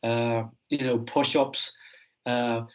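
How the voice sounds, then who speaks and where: A middle-aged man, a strength and conditioning coach, telling animated anecdotes in an interview, with restarts and "I goes" along the way. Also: medium pitch, takes it slowly. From Ireland. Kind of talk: conversational storytelling interview. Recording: dull lo-fi recording.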